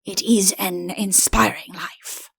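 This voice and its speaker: A woman's voice: mid-range voice, steady tone, slow pace, creaky, fairly bright tone, breathy edge, no room sound, studio quality, exaggerated voice. A woman voicing a genial, bumbling male fairy-tale king, hearty and exclaiming.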